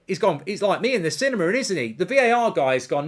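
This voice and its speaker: A man's voice: a little high, brisk, hardly any pauses. Indignant man hosting a football watchalong. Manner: animated, indignant rants, reads viewer comments aloud. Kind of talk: live football watchalong commentary, reading chat.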